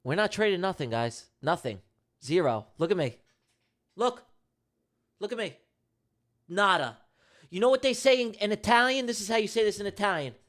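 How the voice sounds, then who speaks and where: A man's voice: high-pitched, animated, moderate pace, long pauses, fairly bright tone. A man streaming his live day trading, talking casually and emphatically to his chat with slangy, repetitive banter and jokes. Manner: slangy, emphatic, repeats himself; jokey banter with viewers.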